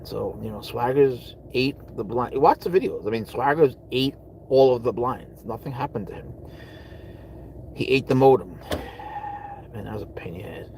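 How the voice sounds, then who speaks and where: A man's voice: medium pitch, normal speed, darkish tone, a little hiss or hum, low-quality recording. A man hosting a casual livestream, rambling as he answers viewers' comments and trailing off into mutters, speaking from a parked car. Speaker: livestream host. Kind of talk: casual live chat with viewers.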